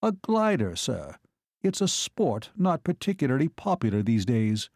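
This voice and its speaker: A man voicing a calm male lieutenant colonel who politely explains things to his commander. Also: mid-range voice, measured pace, no room sound, clean studio sound. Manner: polite, explanatory, says sir.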